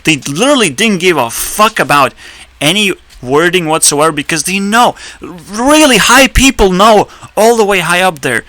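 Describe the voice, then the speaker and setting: Guy ranting hard, swearing, tense bright voice, dry sound. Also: no echo, rough recording. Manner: profane, erratic ranting with sudden high-pitched outbursts. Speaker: YouTuber. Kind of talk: ranting commentary.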